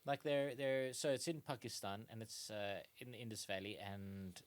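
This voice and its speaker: A man's voice: fairly low pitch, steady tone, moderate pace. A man co-hosting a comedy trivia podcast, rambling with many fillers and laughing often. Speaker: podcast co-host. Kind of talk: casual comedic chat.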